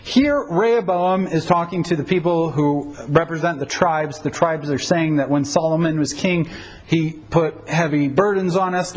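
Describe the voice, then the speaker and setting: On poor audio, a middle-aged pastor talks informally about how the Bible is translated, with a slightly high voice and a pace that runs a little slow. He keeps it conversational, tells anecdotes, adds dry humor, and pauses often to fix what he just said.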